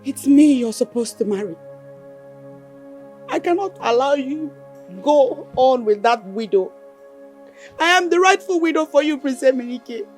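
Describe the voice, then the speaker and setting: A woman's voice: high-pitched, expressive, a little slow, pauses often, darkish tone, soft background music. A woman with a Nigerian English accent playing a scheming widow, insistent and obsessive.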